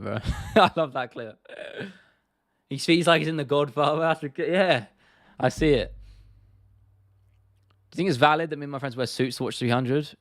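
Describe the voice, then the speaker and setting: A man's voice: mid-range voice, normal speed, pauses often, no echo, studio quality. Laid-back young man. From United Kingdom. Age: 20s. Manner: laid-back, sweary, laughs often. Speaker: livestream host. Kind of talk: casual livestream Q&A.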